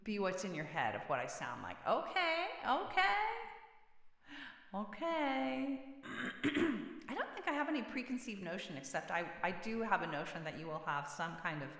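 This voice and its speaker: A woman's voice: medium pitch, fairly bright tone. A woman hosting a casual music livestream, chatting with viewers, reading their comments aloud and laughing often. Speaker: singer-songwriter livestream host. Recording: roomy with long reverb.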